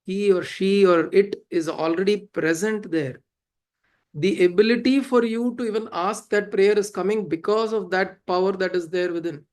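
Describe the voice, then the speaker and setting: High-voiced male teacher. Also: normal speed. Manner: animated, laughs often, acts out quoted voices. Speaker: spiritual teacher. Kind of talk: spiritual discourse.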